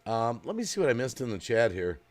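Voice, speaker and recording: A man's voice: mid-range voice, very animated, fairly quick, darkish tone. A middle-aged man from Wisconsin chatting casually on a live stream, rambling and reading chat comments aloud. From Wisconsin, USA.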